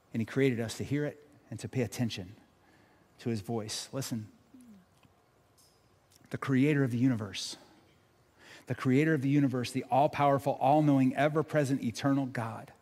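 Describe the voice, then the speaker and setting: Pastor, male; preaches with repetition, big swings to a hush; slightly high voice, long hall echo. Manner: dramatic swings from loud emphasis to hushed low delivery; repeats phrases for emphasis, addresses congregation directly. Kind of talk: sermon. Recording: echoey hall reverb.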